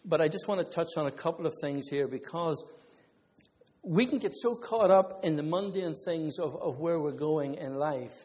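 At a moderate pace, an Irish preacher with a slightly mellow voice on the high side combines scripture, personal testimonies and comments to the congregation in a conversational sermon. Long hall reverb colors the recording.

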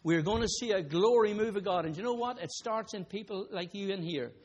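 Conversational preacher, slightly high voice. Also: male voice, fairly quick, big-room sound. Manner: conversational, rising to emphatic bursts, asides to the congregation. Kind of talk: sermon with a told story.

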